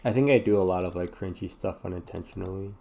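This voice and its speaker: Sleepy gamer guy, gravelly and mellow, rambles and swears through casual chat. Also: low-pitched, fast talker. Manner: rambling and self-deprecating, swears often. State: yawning, sleepy. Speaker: gaming streamer. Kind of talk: casual chat while playing a puzzle game.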